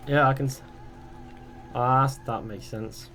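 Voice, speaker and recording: A man's voice: medium pitch, fairly even intonation, normal speed, fairly bright tone, faint music behind. A young man streaming a game live, chatting casually and reading viewers' questions aloud before rambling through his answers. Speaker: gaming streamer.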